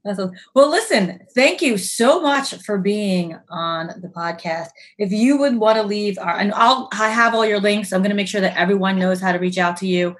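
A woman's voice: mid-range voice, normal speed, few pauses. A woman hosting a podcast who speaks bluntly and casually, with slang and swearing. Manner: blunt and profane, with a lot of slang. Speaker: podcast host.

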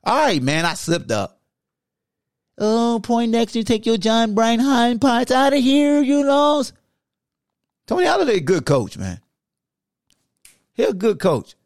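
Ranting high-voiced man in his forties. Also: very animated, slow, pauses often, no room sound, clean studio sound. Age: 40s. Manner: loud, slangy and ranting, arguing with himself. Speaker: sports podcast host. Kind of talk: heated sports rant in an alter-ego persona.

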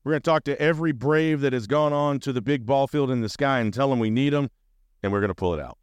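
A man's voice: medium pitch, quick pace, clean tone, no echo. A man hosting a sports podcast, talking casually and animatedly as a fan, rambling and swearing freely. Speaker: podcast host.

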